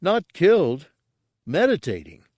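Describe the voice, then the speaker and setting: A dim, earnest pig-like guard, voiced by a man reading a storybook who snuffles and grunts out two- and three-word phrases. His voice is pushed higher and strained, with an odd, rough edge. It is recorded dry and close. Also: very animated, slow pace, darkish tone, dry recording, exaggerated voice. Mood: proud. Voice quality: snuffling, grunting broken speech. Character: dim, earnest male Gamorrean pig-guard, halting speech.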